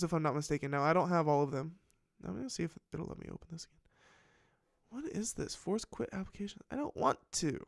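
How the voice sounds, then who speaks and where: A man's voice: high voice, clear, resonant tone, no echo, clean studio sound. A man hosting a live stream, chatting casually and telling a rambling story with plenty of swearing. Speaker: livestream host. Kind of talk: casual livestream chat.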